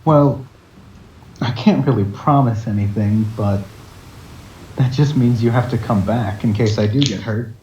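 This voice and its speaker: A man voicing a gentle, awkward young man who speaks softly and sincerely in a tabletop role-play. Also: medium pitch, a little slow, pauses often, lightly acted. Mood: earnest. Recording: roomy, dull lo-fi with mic noise.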